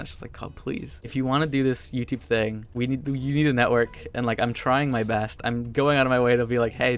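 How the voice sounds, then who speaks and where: A young man talks quickly over his game footage, rambling and frank, with lots of "like" fillers and short laughs. His voice sits at an ordinary pitch, and the tone is casual chat into a desk mic. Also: fairly bright tone. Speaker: gaming YouTuber.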